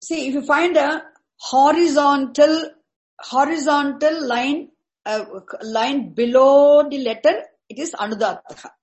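High-pitched woman teaching Vedic chant. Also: low-quality recording. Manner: patient, repetitive, restarts words and spells out terms slowly. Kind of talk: explaining Vedic chanting accents to a class.

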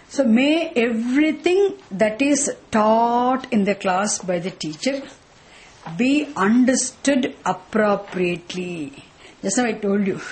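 Woman, scripture teacher, fairly high voice, measured questioning delivery. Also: a little mellow, poor audio. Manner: slow, explanatory, with repeated rhetorical questions. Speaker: Vedanta teacher. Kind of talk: scripture class lecture.

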